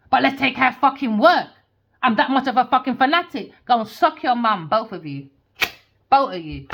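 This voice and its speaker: A young woman giving an angry, confrontational tarot reading, swearing freely and swinging between loud outbursts and low muttering. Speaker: tarot reader.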